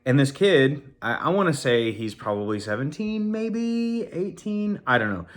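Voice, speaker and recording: A man's voice: a little high, very animated, moderate pace. A middle-aged man telling a story casually to the camera, rambling with many fillers and restarts, and chuckling as he goes. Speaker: channel host telling a story.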